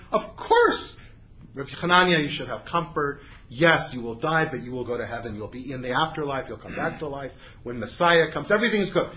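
A man giving a sermon, telling a story in an animated way, getting loud on his emphasis and dropping low when he quotes people. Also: slight background noise, poor audio.

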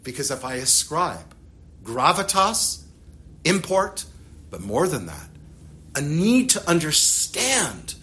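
A man teaches a religious text, his voice bright and forceful, his pitch leaping around as he acts out exchanges. Faint ambient noise sits behind him. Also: slow. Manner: animated, acts out dialogues with shifting loudness. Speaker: rabbi teaching a text class. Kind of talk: lively classroom teaching.

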